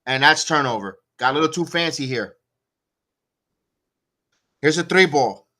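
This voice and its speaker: A man's voice: on the high side, lively intonation, unhurried, pushed and bright. A man hosting a live fan watch-along, calling the plays one by one and breaking into sarcastic asides and rants about the coach. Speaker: watch-along play-by-play host. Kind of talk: live fan play-by-play commentary.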